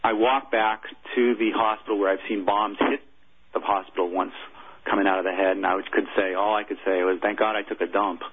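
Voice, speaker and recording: A former military chaplain, a man, telling a personal story in an interview, earnest and halting. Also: lowish voice, flat delivery. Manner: earnest, halting, emotional recounting. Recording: tinny phone-like audio.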